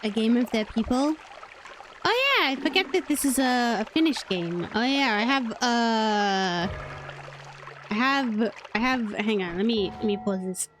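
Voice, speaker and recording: A woman's voice: a little high, lively intonation, measured pace, a bit bright, slight background noise. A woman from Wales with a British accent, chatting playfully and rambling through live gameplay commentary as a streamer. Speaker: game streamer.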